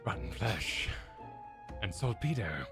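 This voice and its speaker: A man voicing a creepy, brooding male consulting inspector in a low, gravelly, menacing voice while reading game dialogue on a stream. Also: big pitch swings, slow pace, music in the background.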